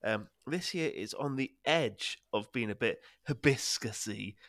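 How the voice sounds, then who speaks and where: A man's voice: mid-range voice, animated, measured pace, a bit bright, dry recording, studio quality. A young man co-hosting a podcast, chatting casually, laughing often and rambling with fillers and restarts. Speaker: podcast co-host. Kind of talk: casual chat.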